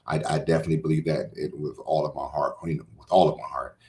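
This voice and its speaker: A man hosting as a pastor in a casual interview, sincere and halting with many restarts. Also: rumbling low, level tone, a little mellow. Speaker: pastor and podcast host.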